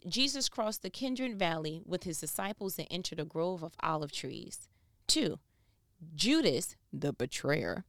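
A woman giving casual devotional Bible teaching, telling the stories in an animated, slangy way and acting out the people in them. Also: fairly low pitch, no echo, clean studio sound. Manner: animated storytelling, slangy, acts out voices.

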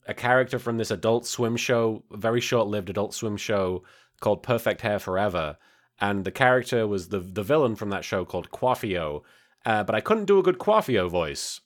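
Low-voiced man rambling through a story. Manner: rambling, filler-heavy storytelling. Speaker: podcast host and abridged-series creator. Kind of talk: casual podcast chat.

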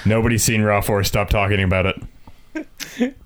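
A man's voice: lowish voice, wildly swooping pitch, unhurried. A man co-hosting a casual podcast, wisecracking and teasing his friends. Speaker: podcast co-host. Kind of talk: casual chat. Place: indoors, home with friends.

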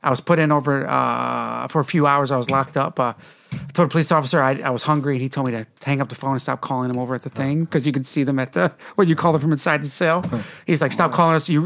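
A man's voice: mid-range voice, creaky, fairly bright tone. A man from Detroit telling rambling, profane stories in casual chat and laughing as he goes. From Detroit, Michigan. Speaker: podcast co-host. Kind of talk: casual storytelling.

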